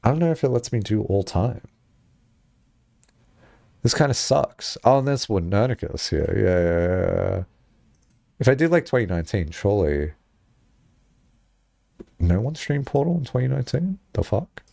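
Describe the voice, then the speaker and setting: A man chatting casually on a live stream, rambling and laughing often, jumping up high when excited, on a headset mic. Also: moderate pace, creaky, long pauses, no echo.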